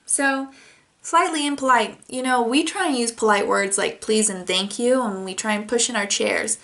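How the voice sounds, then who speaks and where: A young woman who teaches toddlers, reading a picture book aloud and gently explaining feeling words. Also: on the high side, moderate pace, vocal fry.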